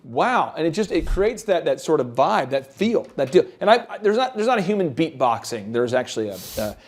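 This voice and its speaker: Animated high-voiced man coaching. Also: brisk. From American Midwest. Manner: animated, acts out sales pitches. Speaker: host, business coach. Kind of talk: energetic business advice talk.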